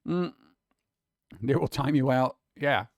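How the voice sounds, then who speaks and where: A man's voice: mid-range voice, slow pace, vocal fry, no echo, clean studio sound. A man hosting a casual stream chat, rambling and mimicking gadget voices as he talks to his chat. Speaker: streamer host.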